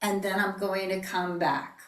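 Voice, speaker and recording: A woman teaching tai chi in an online class, calmly cueing each step and breathing out whispered healing sounds. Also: medium pitch, measured pace, recorded from a distance. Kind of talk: online movement class instruction. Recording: echoey room, voice heard from off the mic.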